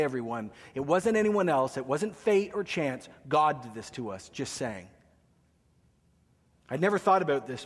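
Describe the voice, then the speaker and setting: A man's voice: a little high, big-room sound. A man preaching a sermon, conversational, with joking asides to the congregation. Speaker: pastor.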